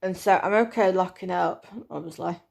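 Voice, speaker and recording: A woman's voice: lowish voice, steady tone, fairly quick, vocal fry, darkish tone. A woman in her thirties giving a chatty, hesitant personal vlog update with lots of fillers. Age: 30s. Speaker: vlogger.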